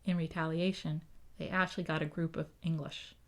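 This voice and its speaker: A town historian recounts local history in a casual podcast interview, speaking with a deep voice at a slightly quick pace. She's lively, performs the voices of people she quotes, and keeps checking in with "right?"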